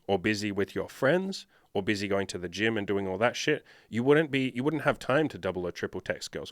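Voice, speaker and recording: A man's voice: lowish voice, no echo, studio quality. A man working as a dating coach, answering viewer questions in a blunt, profane, lecturing monologue.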